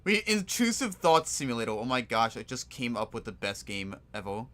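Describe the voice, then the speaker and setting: A young man giving casual, excitable commentary while playing a game, swearing freely and rambling off on tangents. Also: medium pitch, brisk. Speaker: gamer. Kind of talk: casual let's play commentary.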